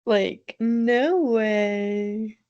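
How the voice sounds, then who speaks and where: Slow, deadpan sarcastic woman co-host. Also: medium pitch, dull audio. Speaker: podcast co-host. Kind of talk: casual chat.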